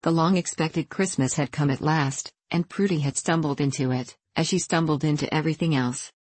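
Storybook narrator, woman, low-pitched, gentle and even, dry booth. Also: fairly quick, slightly rough, dry recording.

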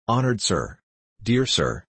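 A devoted, fretful elderly clerk, as a male reader puts him on, pleading in an anxious, earnest way. His voice is very low and husky. It is a storybook reading recorded close and dry. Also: big pitch swings, slow pace, a bit bright, dry recording, full character voice.

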